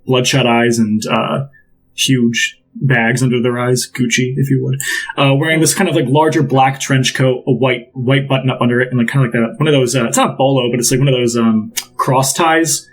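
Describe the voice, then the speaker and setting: Husky-voiced man running a tabletop game. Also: mid-range voice, steady tone, normal speed, rough recording. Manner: loose, rambling descriptions with many fillers. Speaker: game master.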